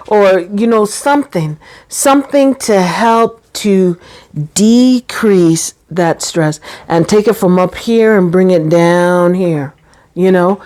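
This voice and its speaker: A woman talking about her own experience, chatty and quick to laugh, who acts out little quoted exchanges and at times grows teary. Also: mid-range voice, darkish tone. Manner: chatty, laughs often, drifts into quoted voices. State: getting teary. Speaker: channel host sharing her experience. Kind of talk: personal talk to camera.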